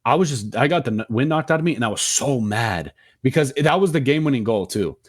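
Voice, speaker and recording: A young man co-hosting a podcast, telling a story in a slangy, profane, animated way. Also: medium pitch, fairly quick. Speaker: podcast co-host. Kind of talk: casual storytelling chat.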